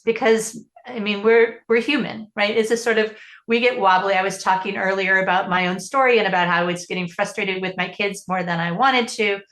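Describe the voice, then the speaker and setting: A woman's voice: medium pitch, fairly bright tone, roomy sound. A woman parenting coach answering interview questions in an earnest, explanatory way, often restarting her sentences.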